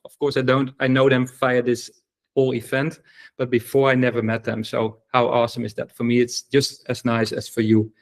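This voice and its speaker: Male host, eager and chatty, mid-pitched voice, lots of ums while introducing speakers. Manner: enthusiastic, filler-heavy, stumbles over names. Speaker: event host. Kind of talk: live online event introduction.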